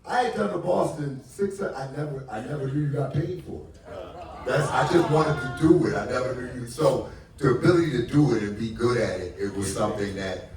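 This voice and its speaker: A comedian telling stories in casual stage chat, animated and laughing often. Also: male voice, mid-range voice, a little fast. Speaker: comedian on a live stage talk. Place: theater with live audience. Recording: roomy theater sound from a distant mic, audience.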